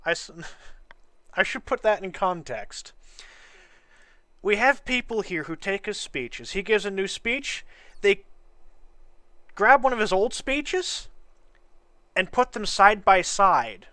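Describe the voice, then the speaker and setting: Sarcastic man with a bright, dry voice. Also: high-pitched, lively intonation, no echo. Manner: blunt, sarcastic, quick to laugh. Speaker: talk show co-host. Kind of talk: casual chat over a call.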